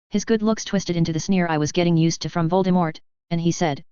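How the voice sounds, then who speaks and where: Smooth low-voiced woman narrating fan fiction. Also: steady tone, fast talker, hardly any pauses, warm tone, dry recording. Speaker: audiobook narrator. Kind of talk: first-person fan fiction audiobook narration. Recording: dull lo-fi recording.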